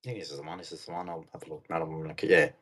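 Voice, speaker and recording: A man's voice: rumbling low, flat delivery, very fast, very noisy. A middle-aged man hosting a reaction video, ranting angrily at clips with heavy swearing. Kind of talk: angry reaction commentary.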